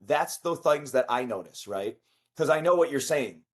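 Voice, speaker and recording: A man's voice: a little high, normal speed. A man hosting an interview show, talking in an enthusiastic, chatty way and often repeating himself for emphasis. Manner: enthusiastic, talkative, animated. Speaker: podcast host. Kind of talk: casual interview.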